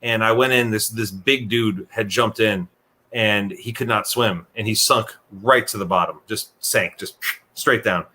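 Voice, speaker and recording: A young man telling stories in casual chat, lively, acting out the voices of the people in them. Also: fairly low pitch, unhurried. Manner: animated, acts out voices in his stories. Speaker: podcast guest telling stories.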